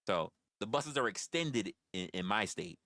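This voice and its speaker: A man's voice: fairly low pitch, animated, a little slow, bright, forceful tone, dry recording, studio quality. A man, rambling through profane stories on a casual livestream. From New York. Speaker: livestream host.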